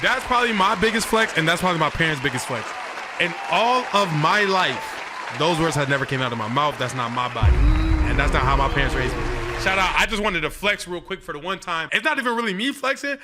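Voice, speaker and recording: A man's voice: on the high side, expressive, fast talker, a loud crowd, heavy background noise. Slangy young male streamer. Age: 20s. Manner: casual slangy, laid-back. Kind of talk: casual live-stream reaction chat.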